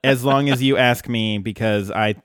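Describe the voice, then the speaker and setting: This man co-hosts a podcast and chats casually about a cartoon episode, full of enthusiasm and frequent laughter, grinning as he quotes lines. His mid-range voice keeps a fairly even intonation at a normal speed. The audio is studio quality with no echo.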